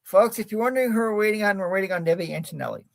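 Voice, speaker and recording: A man's voice: sits high, very fast, gravelly, no echo, studio quality. A man co-hosting a sports talk radio show, chiming in with short reactions. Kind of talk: casual radio chat.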